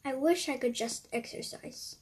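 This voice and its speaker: Woman reading a touchy, lazy fat dog in a kids' story, sulky, a bit breathy. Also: high voice, moderate pace. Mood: indignant. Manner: sulky, defensive. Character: big plump lazy male golden retriever, touchy.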